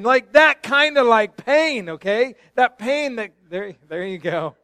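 A middle-aged man preaches a sermon in a church sanctuary, his voice sitting high for a man. He swings between quiet, hushed storytelling and loud, fervent exclamations. The sound is dry and close, with little room echo. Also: big pitch swings, unhurried, few pauses, smooth. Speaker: pastor.

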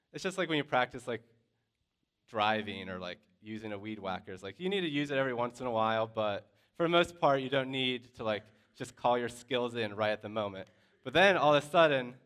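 A man telling a personal story to a class in a lively, conversational way, with lots of filler words. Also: medium pitch, clean tone.

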